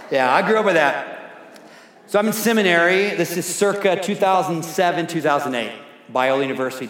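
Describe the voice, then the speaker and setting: A middle-aged pastor preaching a sermon in a church, slow and emphatic, repeating his key phrases. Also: on the high side, fairly bright tone. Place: church sanctuary. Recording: echoey hall reverb.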